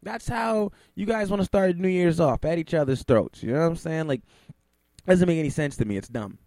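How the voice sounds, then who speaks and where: A man's voice: a little high, a little fast, a little mellow, no room sound. A man hosting an internet radio show, ranting at length in a heated, profane, emphatic way. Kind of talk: ranting talk radio monologue.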